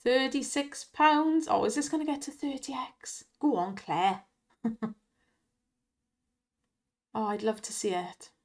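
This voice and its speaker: A woman, chatty and excitable, giving casual commentary to viewers over slot play and laughing often. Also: high voice, takes it slowly, long pauses. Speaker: slot gaming channel host. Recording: music loud behind voice.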